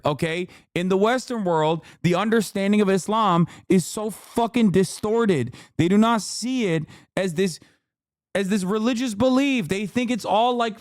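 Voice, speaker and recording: A man's voice: high voice, no echo, studio quality. A man streaming a reaction, ranting angrily and profanely with mocking impressions. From Turkey. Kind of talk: profane heated commentary.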